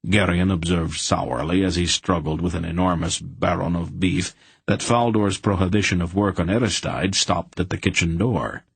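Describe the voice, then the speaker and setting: A man narrating an audiobook in a measured storytelling manner. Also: sits low, creaky, husky, dry recording.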